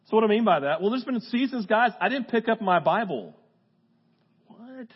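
A man's voice: sits high, animated, moderate pace, husky, highs cut off. A young man preaching a casual, joking sermon to a live congregation. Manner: casual, joking, talks straight to the crowd. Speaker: pastor. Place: church hall with a live congregation.

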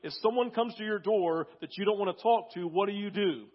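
A man's voice: high-pitched, fairly quick, muffled recording. A man preaching a conversational sermon, telling a story and acting out quotes, a little sick that day. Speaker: pastor.

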